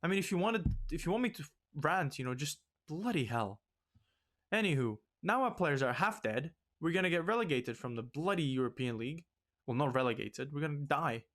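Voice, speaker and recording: Young man, let's play host, ranting, exasperated, fairly high voice. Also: animated, brisk, fairly bright tone. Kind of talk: ranting game commentary.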